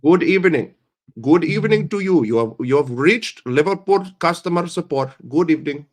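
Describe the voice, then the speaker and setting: A man's voice: on the high side, lively intonation, normal speed, voice pushed up. Man putting on a polite call-center agent with an Indian accent. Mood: overly polite. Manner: formal, repetitive greeting.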